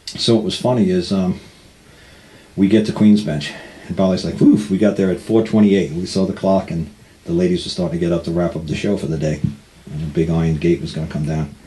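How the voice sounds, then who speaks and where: A man telling a story in a casual, animated way, acting out the dialogue and laughing often. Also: low voice, fairly quick, rough recording.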